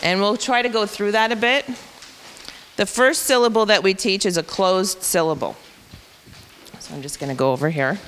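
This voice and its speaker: A woman's voice: mid-range voice, normal speed, long pauses, fairly bright tone, in a large hall, a little hiss or hum. A woman teacher explaining a reading intervention program step by step at a professional development session. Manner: explanatory, talks through teaching steps.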